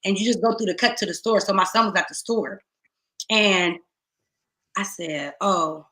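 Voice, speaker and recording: A middle-aged woman tells her own loss as testimony, and her bright, edged voice carries across the space. She moves between hushed, near-whispered pain and sudden loud bursts, and the room lends a noticeable echo. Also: medium pitch, normal speed. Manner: raw, tearful retelling with rising outbursts and hushed moments. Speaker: guest speaker. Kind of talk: emotional personal testimony.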